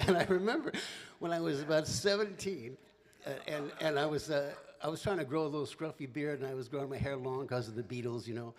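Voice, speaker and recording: A man's voice: a little high, fairly quick. A man in his seventies from Philadelphia, a singer-songwriter telling a rambling, chatty family story between songs, with laughing asides. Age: 70s.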